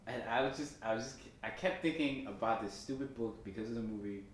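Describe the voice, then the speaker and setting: A man co-hosting a casual podcast, giving emphatic opinions. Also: fast talker. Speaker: podcast co-host. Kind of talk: casual chat. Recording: very echoey room, faint rumble.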